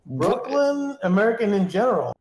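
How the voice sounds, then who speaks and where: A man with a notably high voice trades eager, argumentative points in a loose chat with friends. He talks fast and keeps pushing his case. The sound is casual and chatty. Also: very animated, darkish tone, echoey room.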